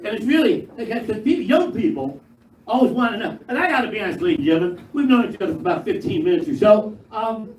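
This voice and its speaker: An older man performing a stand-up routine on stage, gruff and profane with punchy, jumpy delivery. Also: sits high, lively intonation, quick pace, a little mellow. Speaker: stand-up comedian. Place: live comedy club stage. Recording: echoey live room, mic far, crowd noise. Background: audience laughter.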